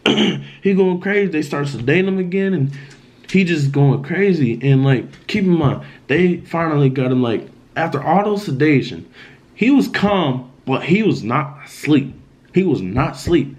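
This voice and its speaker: A young man vlogging, retelling a frightening personal story in an animated, emphatic way with lots of slang. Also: on the high side, normal speed. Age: young adult. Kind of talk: storytime vlog.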